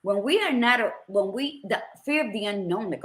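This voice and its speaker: Outspoken woman podcast co-host, swings widely in pitch. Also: moderate pace. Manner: blunt, animated, swears freely. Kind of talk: candid podcast chat.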